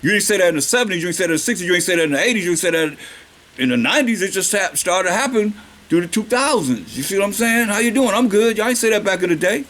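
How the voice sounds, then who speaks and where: High-voiced man preaching slowly. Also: expressive, a bit bright. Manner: reads verses slowly, then preaches in casual vernacular; questioning, drawn-out emphasis on key words. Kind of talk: sermon with scripture reading.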